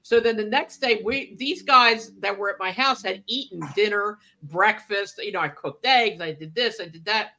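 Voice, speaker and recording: A woman with a bright, clear voice tells stories in casual reminiscing chat. She acts out what people said as she goes, like a radio co-host looking back on the old days. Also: medium pitch, normal speed, hardly any pauses. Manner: animated storyteller, acts out quotes.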